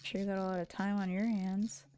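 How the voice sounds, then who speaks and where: A woman's voice: medium pitch, flat delivery, normal speed, mellow, lightly acted. A woman voicing a rude, gloomy village boy who talks curtly and insults people. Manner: curt, insulting.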